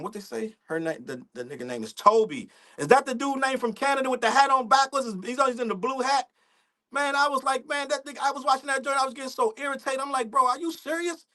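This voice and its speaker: A young man with a high-pitched, fairly bright voice hosts a casual livestream. He rambles in loose slang, laughs often, and reads the chat aloud.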